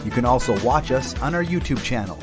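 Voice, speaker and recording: A man's voice: medium pitch, lively intonation, brisk. A man, the podcast host, reading a scripted outro and sponsor plug in an upbeat, promotional manner. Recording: music bed underneath.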